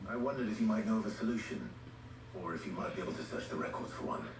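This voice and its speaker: A calm, earnest swordsman, low voice. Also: fast talker, noisy background. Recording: echoey game audio from a TV, heard from far off.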